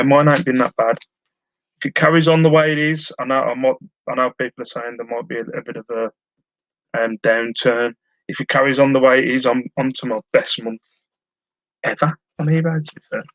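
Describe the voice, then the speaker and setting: A man's voice: medium pitch, creaky, fairly bright tone, no echo, highs cut off. A man chatting casually on a live stream while packing orders at home and humming to himself. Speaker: online reseller streaming live. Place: at home, indoors.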